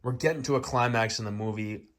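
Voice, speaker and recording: A young man talks his way through a film recap in a loose, rambling style, cursing freely and stopping to restart his thoughts. His voice has a bright, forward edge and sits at an average pitch for a man. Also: quick pace. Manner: rambling, profane, conversational. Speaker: movie reviewer. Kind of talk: casual movie recap commentary.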